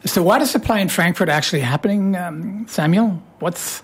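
Hoarse, teasing radio host. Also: mid-range voice, a little fast. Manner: playful, teasing, jokey. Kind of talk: casual radio chat.

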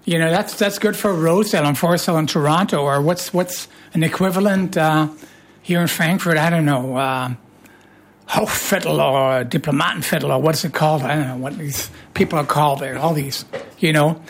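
A radio show host with a hoarse voice, chatting casually in a playful, teasing way. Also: mid-range voice, normal speed.

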